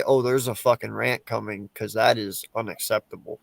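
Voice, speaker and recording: Gravelly Philly fan, profane and cocky, halting restarts, dry close sound. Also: male voice, mid-range voice, fairly even intonation, a bit bright, dry recording. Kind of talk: casual sports talk.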